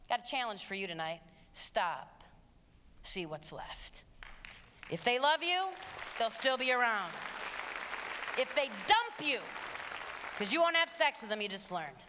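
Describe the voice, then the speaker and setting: High bright-voiced woman preaching in a hall. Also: expressive, a little slow, pauses often, background noise. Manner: emphatic, preachy storytelling. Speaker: speaker addressing teens. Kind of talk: live motivational talk. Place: large hall with audience. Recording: long hall reverb, faint crowd.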